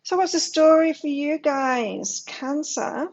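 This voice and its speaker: A woman's voice: sits high, lively intonation, slow, lo-fi sound. A woman giving a casual, chatty tarot reading to camera, musing aloud and telling stories. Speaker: tarot reader.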